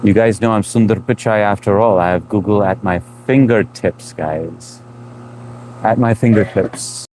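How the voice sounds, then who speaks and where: A man with a fairly low voice and an accent blending Indian and New England sounds chats through a livestream in a relaxed, rambling way. He laughs often and restarts his sentences. Faint outdoor noise sits under the voice. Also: unhurried, rough recording. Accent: mix of Indian and New England. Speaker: livestream host. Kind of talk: casual live-stream chat reading comments.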